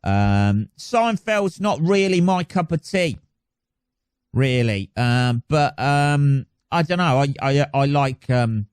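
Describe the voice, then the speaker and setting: A man's voice: medium pitch, expressive, slow pace, clear, resonant tone, dry recording. A man hosting his own podcast alone, chatting casually in a rambling, sweary, self-mocking way. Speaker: podcast host. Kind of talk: casual solo podcast chat.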